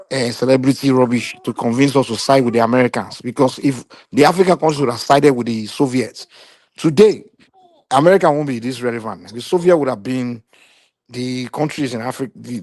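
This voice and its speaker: A man hosts a loose, casual discussion over a phone, stumbling through fillers and restarts as he builds his points. His voice sits at an ordinary middle pitch. The sound is dry and close, with no room echo. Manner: rambling, many fillers and restarts.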